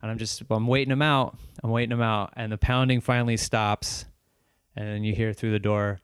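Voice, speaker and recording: A man, a stand-up comedian, telling a long story in casual chat, animated and profane, often restarting and acting out what people said. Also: lowish voice, fairly quick, smooth, dry recording, studio quality.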